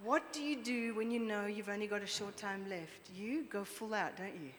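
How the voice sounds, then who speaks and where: A woman's voice: medium pitch, normal speed. Woman preaching in a reverberant hall. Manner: lively, chatty, draws the audience in with questions. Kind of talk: sermon to a congregation. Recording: long reverb with faint background noise.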